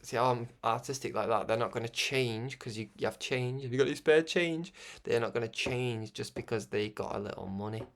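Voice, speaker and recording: Gravelly Scouse man musing aloud. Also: medium pitch, fairly even intonation, a little fast, hardly any pauses, a bit bright. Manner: rambling, restarts often, chuckles between thoughts. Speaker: broadcast host. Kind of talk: reflective spoken monologue.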